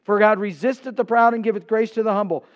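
A man preaching a sermon, reading scripture and swinging from quiet asides to emphatic outbursts. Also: high voice, steady tone, fast talker, muffled recording. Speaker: pastor.

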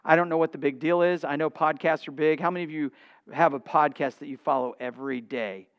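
An older man preaching a sermon as pastor, emphatic, with dramatic pauses and acted-out exchanges. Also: fairly high pitch, fairly even intonation, clean tone, lo-fi sound.

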